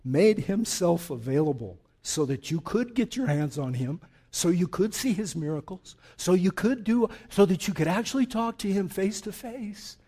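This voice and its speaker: Middle-aged pastor guy preaching, slightly high voice, gets loud then drops real quiet. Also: lively intonation, moderate pace, few pauses, breathy edge. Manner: dramatic swings from loud urging to quiet near-whisper. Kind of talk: sermon.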